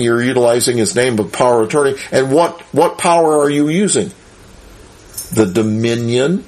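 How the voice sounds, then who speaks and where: A man's voice: mid-range voice, a little mellow. A man giving a conversational Bible lesson, chuckling often and asking his listeners rhetorical questions. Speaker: Bible teacher.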